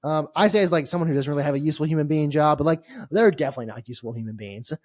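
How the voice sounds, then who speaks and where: A man tells a long-winded travel story on a casual podcast. He rambles and restarts, wry and a little exasperated, and his voice sits a bit high for a man. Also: rapid-fire, no room sound, clean studio sound. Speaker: podcast co-host. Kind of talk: casual chat.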